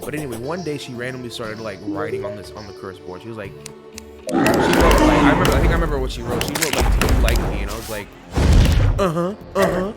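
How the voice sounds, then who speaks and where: A man's voice: medium pitch, animated, quick pace. A young man in his teens telling a rambling, laughing story with plenty of swearing while he plays a game. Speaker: gaming channel host. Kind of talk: casual storytelling over gameplay. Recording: loud game music behind voice. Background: loud game music.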